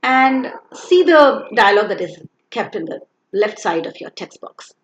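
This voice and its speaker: A woman teacher explains a lesson clearly and reads dialogues aloud. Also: medium pitch, very animated, unhurried, few pauses. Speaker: English teacher. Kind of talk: recorded lesson. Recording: echoey room.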